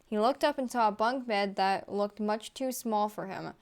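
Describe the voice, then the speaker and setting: A woman reading fan fiction aloud for laughs, giggling and tossing in deadpan asides. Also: mid-range voice, moderate pace. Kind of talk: comedic read-aloud storytelling.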